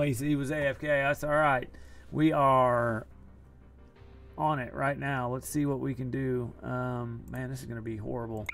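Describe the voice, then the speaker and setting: A man with a gravelly, fry-tinged voice streams a card game from home. He chats loosely, jokes at his own expense and groans at bad draws. Soft music plays behind him. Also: medium pitch. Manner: chatty, self-deprecating, groaning at bad luck. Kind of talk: casual live-stream commentary.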